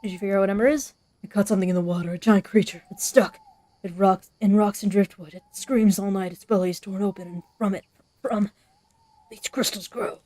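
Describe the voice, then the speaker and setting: A woman voicing a vengeful man crazed by ember, reading his lines loudly and agitatedly. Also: medium pitch, steady tone, fairly quick, dry recording, natural voice. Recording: faint background noise.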